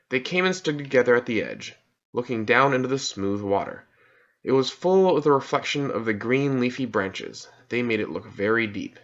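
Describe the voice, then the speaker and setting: Calm male audiobook narrator, lively delivery. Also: mid-range voice, normal speed. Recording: dull lo-fi recording.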